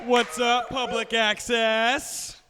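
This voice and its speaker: A man's voice: extremely high pitch, completely flat delivery, very slow, crowd noise, noisy background. Brash young man doing stand-up. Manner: brash, crude jokes with frequent laughter. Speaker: stand-up comedian. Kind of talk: stand-up comedy set. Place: studio stage with live audience. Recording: live audience with long hall reverb.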